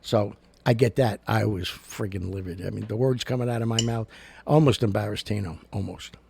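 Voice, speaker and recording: A man's voice: lowish voice, steady tone, moderate pace, vocal fry, darkish tone, slight background noise. A man hosting a casual livestream, talking to his viewers in a rambling, chatty way and ranting at times. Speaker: host. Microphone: studio recorder mic.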